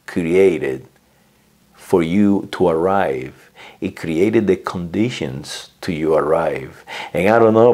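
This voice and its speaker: Slow low-voiced man ranting. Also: darkish tone. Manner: slow, hesitant, repeats words and says "uh" often; lectures with acted quotes. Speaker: vlogger. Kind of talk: political rant.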